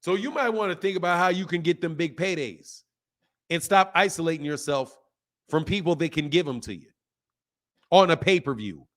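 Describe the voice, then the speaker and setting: Speaking at a moderate pace, a man with a slightly high, slightly bright, animated voice runs a boxing channel. His rant to viewers is profane and heated, full of hammering repetition, and he reads viewer comments aloud.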